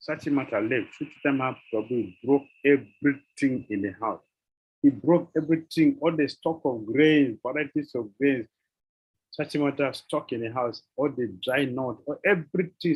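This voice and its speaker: A man giving a devotional lecture, telling sacred stories with rhetorical questions and an animated, questioning manner. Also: mid-range voice, breathy edge, highs cut off. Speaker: spiritual teacher.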